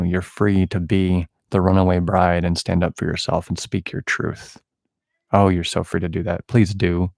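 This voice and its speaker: Deep gravelly man praying playfully. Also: a little mellow, dry recording, clean studio sound. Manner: playful, affectionate, rambling and self-mocking. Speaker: spiritual podcast host. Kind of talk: improvised prophetic prayer.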